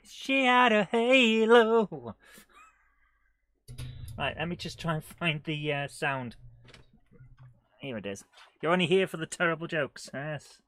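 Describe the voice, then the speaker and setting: A man's voice: on the high side, moderate pace, long pauses, fairly bright tone. A man hosting a live game stream, chatting casually and rambling through jokey rhymes and silly asides while often laughing.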